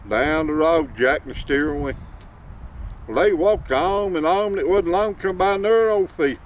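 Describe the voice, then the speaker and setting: A man's voice: fairly high pitch, moderate pace. A man telling a folk tale in a folksy drawl. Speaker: storyteller. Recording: distant mic, faint outdoor noise.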